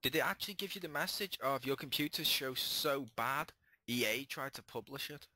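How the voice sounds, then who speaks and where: Bright-voiced man cracking jokes. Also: medium pitch, moderate pace, no room sound. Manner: jokey, spins silly scenarios, plugs friends' sites. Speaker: co-host. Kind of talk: casual gaming chat.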